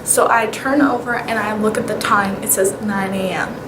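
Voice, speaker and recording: A woman's voice: mid-range voice, moderate pace. Chatty young woman, echoey room. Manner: chatty, animated, with whispered asides. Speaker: vlogger. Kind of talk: casual storytelling. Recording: echoey room with clear background noise.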